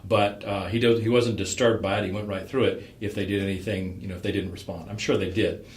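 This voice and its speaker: A man giving a relaxed, rambling critique of a startup pitch as a coach. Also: fast talker, echoey room. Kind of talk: conversational critique.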